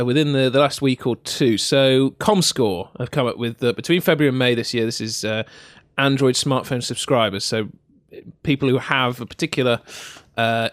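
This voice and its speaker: A man's voice: medium pitch, no echo, studio quality. A man hosting a tech podcast, introducing topics and reading out figures in a presenter's manner. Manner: presenter-like, reads out stats. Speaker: podcast host. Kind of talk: casual podcast chat.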